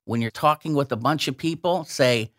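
Male radio guest, mid-pitched, slow and emphatic when reading verses. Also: a bit bright. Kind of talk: explaining scripture on a radio talk show.

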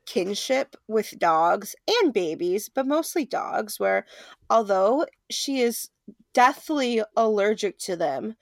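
A woman's voice: medium pitch, animated, slow, no echo, clean studio sound. A young woman co-hosting a podcast in casual chat, rambling with lots of fillers.

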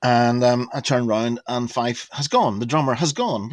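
A man in his fifties, a podcast guest telling a casual anecdote in an animated way, swearing freely and full of fillers and restarts. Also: medium pitch, a little slow, dry recording. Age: 50s.

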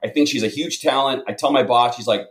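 Man, quick storyteller, self-deprecating, casual chat, echoey room, mid pitch. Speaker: guest storyteller. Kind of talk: casual anecdote telling. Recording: roomy echo.

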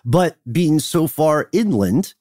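A man's voice: on the high side, sing-song, takes it slowly, a little mellow, no echo, studio quality. A man co-hosting a podcast in a playful, casual way, laughing often. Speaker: podcast co-host. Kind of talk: casual chat.

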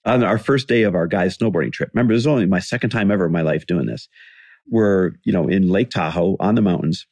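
Man in his forties, low voice, dry close sound, candid storytelling monologue. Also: fast talker, darkish tone, dry recording. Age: 40s. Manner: candid, conversational, acts out quoted dialogue. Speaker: motivational podcast host.

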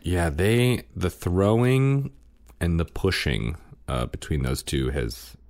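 A father talking about his children on a podcast into a studio mic. His voice sits very low, yet it swoops up and down with energy as he tells stories. Now and then he jumps up high to imitate his kids. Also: slow pace. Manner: animated storytelling, mimics kids in a high voice. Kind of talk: casual parenting chat. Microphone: studio microphone.

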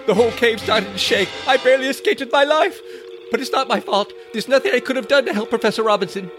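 A man's voice: extremely high pitch, quick pace, music in the background, pitched above the performer's own voice. A man voicing a fussy, cowardly older male space doctor who babbles in melodramatic hysterics. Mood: hysterical.

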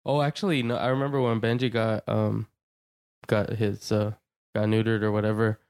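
A podcast co-host chatting in a relaxed, hesitant way with many ums. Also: mid-range voice, moderate pace, clean tone, dry recording. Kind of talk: casual chat.

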